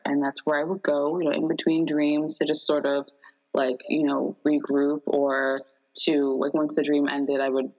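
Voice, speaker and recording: Woman, low voice, chatty rambling storyteller; lo-fi, muffled sound. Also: creaky. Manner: rambling, animated retelling with many fillers. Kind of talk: casual chat, recounting a dream.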